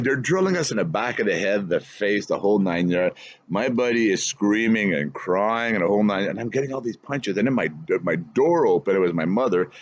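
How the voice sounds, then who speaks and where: Middle-aged guy rambling on his podcast, really low voice, kinda dull lo-fi sound. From Canada. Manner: rambling, repeats words and restarts, laughs between lines. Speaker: podcast host. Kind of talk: casual monologue.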